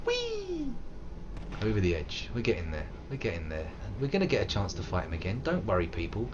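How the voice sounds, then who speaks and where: Animated British man streaming a game. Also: fast. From United Kingdom. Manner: self-mocking, swings between loud outbursts and low mutters. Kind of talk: live gameplay commentary. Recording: muffled with steady background hiss.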